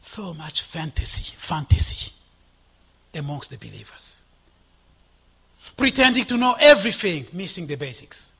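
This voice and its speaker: A male preacher delivers a sermon in a high, husky voice. He swings between ringing exhortation and hushed, whispered asides. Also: big pitch swings, measured pace, pauses often.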